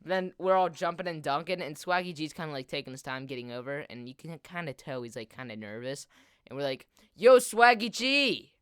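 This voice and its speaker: A man's voice: on the high side, fast talker, smooth, no room sound, clean studio sound. A teenage boy telling a long story while he games, rambling and filling nearly every phrase with "like". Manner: rambling, constant "like" fillers. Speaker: gaming video host. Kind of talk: casual storytelling over gameplay.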